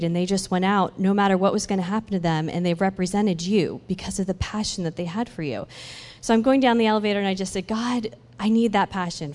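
A woman sharing a personal faith testimony in an animated storytelling way, acting out the conversations she describes. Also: mid-range voice. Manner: animated storytelling that acts out dialogue, with laughs. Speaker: church speaker sharing a testimony. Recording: long hall reverb.

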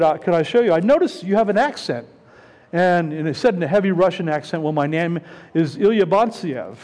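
A man's voice: sits high, darkish tone. Man, pastor, sermon, long church reverb, repeats phrases, checks in with listeners. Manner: conversational, repeats himself, asks the congregation questions. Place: church sanctuary.

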